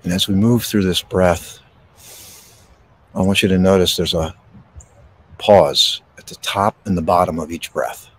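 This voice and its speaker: A man hosting a podcast, guiding a slow, soothing breathing meditation outdoors. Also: low voice, breathy edge. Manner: slow, soothing, calm delivery with pauses. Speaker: podcast host and meditation guide. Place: outdoors in a park. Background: birds.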